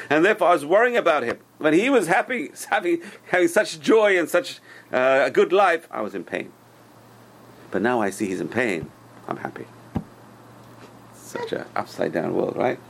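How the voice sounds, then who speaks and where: A man teaching a Torah class, telling stories in an animated way and swinging between loud and hushed delivery. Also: mid-range voice, creaky. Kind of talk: storytelling sermon.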